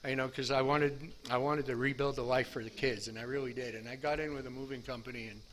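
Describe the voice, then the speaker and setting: A man's voice: medium pitch, steady tone, quick pace, a bit bright. This is a middle-aged man in a mid-range voice giving a personal recovery testimony. He rambles candidly and mocks himself, restarting his sentences. Faint background noise sits under the recording. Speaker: speaker sharing his recovery story.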